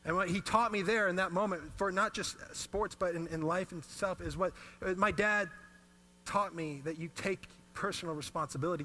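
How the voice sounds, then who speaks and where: Bright-voiced storytelling pastor. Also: male voice, fairly high pitch, a little hiss or hum. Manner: animated storytelling. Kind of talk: sermon.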